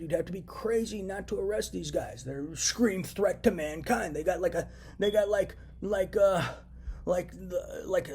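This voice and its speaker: Speaking in a high, mellow voice over a little hiss or hum, a young man vlogs from indoors at home. His solo rant to camera is agitated and profane, and he keeps circling back to the same points.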